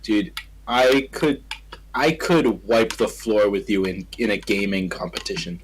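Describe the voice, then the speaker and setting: A man's voice: lowish voice, unhurried, slight background noise, poor audio. A young man guesting on a stream, chatting casually, often stumbling and restarting, joking back. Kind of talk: casual live-stream chat.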